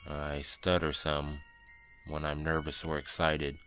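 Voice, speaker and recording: A man's voice: very deep voice, completely flat delivery, slow, a bit bright, soft background music. A man narrating a scary first-person story in a tense, dramatic way. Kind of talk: scripted horror narration.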